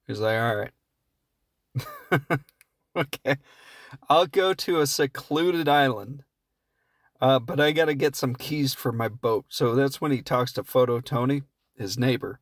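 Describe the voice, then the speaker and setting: A man casually and comically recapping a movie plot, rambling and profane, often slipping into quick quoted voices. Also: mid-range voice, no room sound, clean studio sound. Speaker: podcast host reviewing films.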